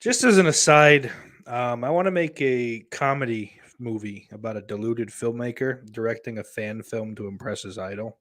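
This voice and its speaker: A medium-pitched man with a fairly bright tone hosts his own podcast at a moderate pace, reading viewer comments aloud. He rambles, curses frequently, and mocks himself.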